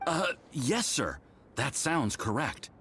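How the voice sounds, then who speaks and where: A man's voice: medium pitch, big pitch swings, slow, pushed and bright, a little hiss or hum, exaggerated voice. A man voicing an eager, polite young male research assistant in a game. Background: faint game music.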